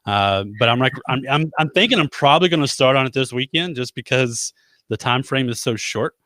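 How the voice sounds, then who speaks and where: A chatty man hosts a casual live stream, rambling between topics and poking fun at himself. His voice sits at an ordinary middle pitch. It is recorded dry and close, with no room sound. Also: lively intonation, a little fast, a bit bright, no echo. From United States. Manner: chatty, rambling, self-deprecating jokes. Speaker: host.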